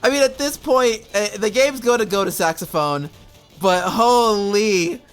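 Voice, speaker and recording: A man casting a strategy game match, excitable, often laughing and yelling advice at the players. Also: high-pitched, a little slow, smooth, faint music behind. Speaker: game caster. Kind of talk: esports match commentary.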